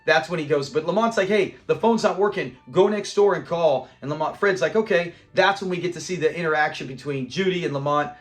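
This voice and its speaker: A man hosting a casual review of a sitcom episode, retelling scenes in an animated way, quoting characters and laughing often. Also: on the high side, brisk, hardly any pauses, faint music behind.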